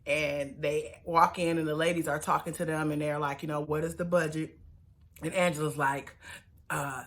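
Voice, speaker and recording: A woman's voice: low-pitched, steady tone, moderate pace. A woman, casually recapping a reality show with sassy, mocking asides and bursts of laughter.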